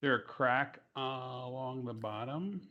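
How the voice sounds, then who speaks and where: A man's voice: mid-range voice, measured pace. Man playing a tabletop game, keeps asking eager questions, mic sounds kinda dull and muffled. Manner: eager, asks many questions. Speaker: player. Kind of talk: casual tabletop play.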